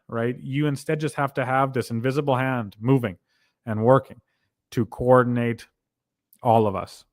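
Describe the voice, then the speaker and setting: A man's voice: medium pitch, no echo, studio quality. A Canadian man hosting a conversation, explaining ideas in a lecturing way with examples, often checking in with "right?". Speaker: podcast host. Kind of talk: casual conversational commentary.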